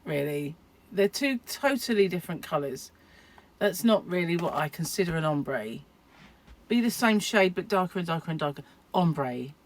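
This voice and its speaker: Middle-aged British woman, crochet vlogger; rambling, self-mocking chat in a somewhat low voice. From United Kingdom. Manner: chatty and rambling, self-deprecating, laughs often. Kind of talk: casual chat to camera.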